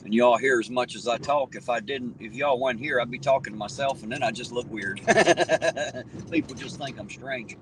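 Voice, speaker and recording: A man's voice: mid-range voice, moderate pace. A man with an Appalachian accent chatting casually on a live stream from his vehicle at night, greeting viewers by name in a folksy, talkative way. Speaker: livestream host. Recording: distant mic with loud road noise.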